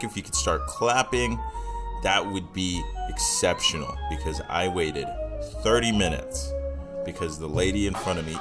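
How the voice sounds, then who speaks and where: Low-voiced rambling young podcast host. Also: male voice. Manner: rambling, self-deprecating, filler-heavy. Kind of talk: casual solo podcast intro.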